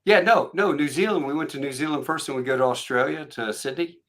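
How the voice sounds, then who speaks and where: Middle-aged guy telling stories on a podcast, bright voice, acts out all the voices. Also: fairly high pitch, fast talker. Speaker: podcast host. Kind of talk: casual storytelling chat.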